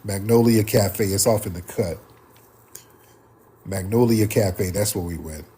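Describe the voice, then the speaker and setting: A man with a slightly husky voice hosts a live call-in stream. He talks in a loose, drawling way, addressing the room and his viewers casually. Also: lowish voice, a little slow, warm tone. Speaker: host.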